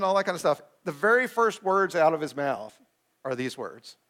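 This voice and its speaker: Animated middle-aged man preaching a story. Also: sits high, a little fast. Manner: animated, self-deprecating storytelling with acted-out quotes. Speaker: pastor. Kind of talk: sermon storytelling.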